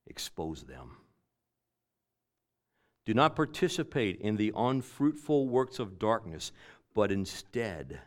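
A man preaching a sermon, repeating key phrases and swinging between loud emphatic lines and quiet, trailing endings. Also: on the low side.

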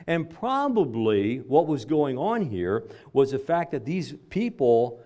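Male preacher, middle pitch, emphatic sermon delivery with repeated phrases. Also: very animated, slow pace, few pauses, darkish tone. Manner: emphatic preaching with stacked repetitions.

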